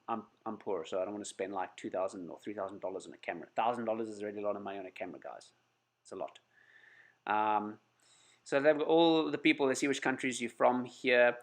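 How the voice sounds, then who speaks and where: A man with a cold hosting a casual livestream, chatting with viewers, greeting them by name and apologizing often over camera trouble. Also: on the low side. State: has a cold. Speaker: channel host on a livestream.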